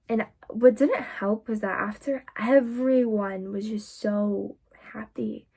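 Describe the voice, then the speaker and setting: Candid young woman with a gravelly edge. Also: medium pitch, fairly even intonation, takes it slowly, few pauses, mellow. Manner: candid, confessional, with many "like" fillers. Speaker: vlogger. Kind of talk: casual storytelling to camera.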